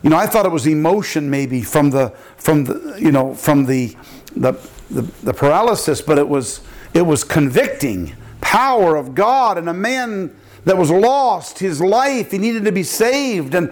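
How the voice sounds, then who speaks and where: An older male pastor preaches with a fairly high voice, swinging into sudden lifts when he quotes people. He tells his story in an animated way, with pauses and repeats. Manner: animated preaching, acting out quotes with big pitch jumps. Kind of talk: sermon storytelling.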